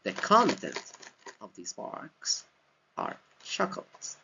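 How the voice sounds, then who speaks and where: A man whose first language is Spanish, teaching English pronunciation and stressing each word slowly and clearly. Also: fairly low pitch, wildly swooping pitch, pushed and bright. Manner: exaggerated word stress, repeats words slowly. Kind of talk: slow deliberate pronunciation lesson. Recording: slightly dull lo-fi recording.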